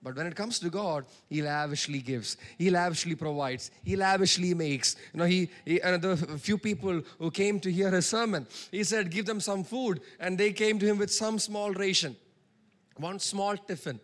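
A man's voice: sits high, moderate pace. A man preaching a sermon, calling for congregation responses and drawing out key words.

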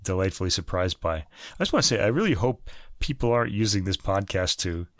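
A man's voice: low-pitched, animated, a little fast, no room sound, clean studio sound. A middle-aged man co-hosting a music podcast in casual, rambling chat, joking and laughing at himself. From United States. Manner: chatty, rambling, laughs at his own jokes. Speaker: podcast co-host.

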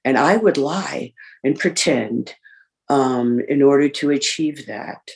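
A woman giving a candid personal share in a recovery group, reflective and pausing often with fillers. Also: extremely low pitch, vocal fry, a little mellow. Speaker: speaker sharing in a recovery group. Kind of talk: personal recovery share, reading list points.

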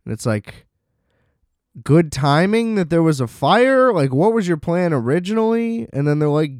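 Sarcastic young man with a lively voice. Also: on the high side, normal speed, dry recording, studio quality. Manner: sarcastic, profane, laughs often. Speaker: movie recap host. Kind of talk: casual movie recap.

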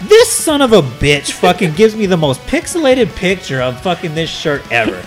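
A man co-hosting a casual podcast, swearing often as he tells an animated story over a webcam. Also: sits high, normal speed, soft background music. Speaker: podcast co-host. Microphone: video call webcam.

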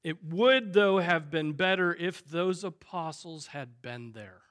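High-voiced, bright preaching man. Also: takes it slowly. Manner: emphatic preaching with piled-up phrases and strong swings in loudness. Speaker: pastor. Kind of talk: sermon. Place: church sanctuary.

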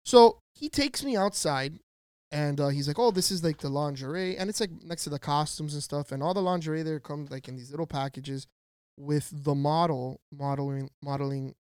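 Animated, slangy man telling a story. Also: a little high, moderate pace, clean tone, dry recording, clean studio sound. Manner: animated, slangy, profane, acts out quoted voices. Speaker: podcast co-host. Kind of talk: casual storytelling chat.

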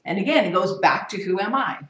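A woman teaching a Bible study, reading scripture aloud with lively, emphatic stress. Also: mid-range voice, brisk, highs cut off. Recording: echoey room.

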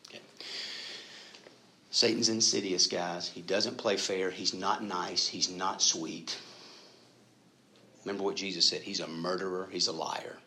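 Animated preacher, bright voice. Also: male voice, deep voice, normal speed, long pauses. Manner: animated storytelling preacher, acts out quoted voices, drops to hushed tones. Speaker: pastor. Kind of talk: sermon.

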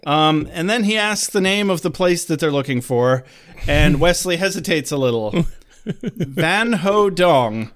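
A man's voice: a little high, moderate pace, fairly bright tone. A male podcast co-host recapping a TV episode in casual chat, sarcastic and swearing freely.

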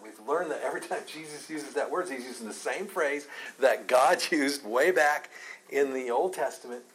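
A pastor leading a Bible study, talking earnestly, asking rhetorical questions and repeating key phrases. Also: male voice, on the high side, normal speed, rough recording.

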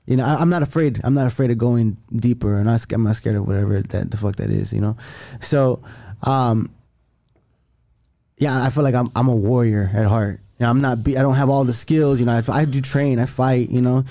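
A man's voice: mid-range voice, a little fast, dark tone. A young man telling a long story in casual chat, rambling and profane, with many restarts. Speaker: podcast guest.

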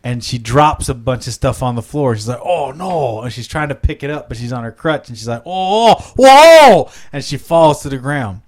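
A man's voice: medium pitch, a little fast, few pauses. A man chatting casually as a podcast co-host, rambling through silly made-up stories, often laughing at himself. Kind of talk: casual chat.

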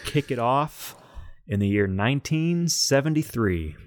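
A man co-hosting a casual podcast, speaking in an easygoing, measured way with some fillers. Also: medium pitch, expressive. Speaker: podcast co-host presenting films.

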